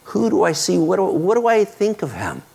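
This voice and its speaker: A middle-aged man preaching a sermon, earnest, restarting words often and rising to loud, excited peaks. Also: sits high, moderate pace, creaky, breathy edge. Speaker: pastor.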